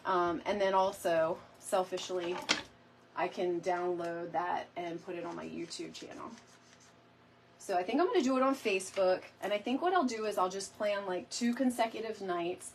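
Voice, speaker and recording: A woman's voice: fairly low pitch, normal speed, a little hiss or hum. A middle-aged woman hosting a live crafting stream in a chatty, rambling way, talking to viewers while she works and fighting off a lingering cough. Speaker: DIY crafting host.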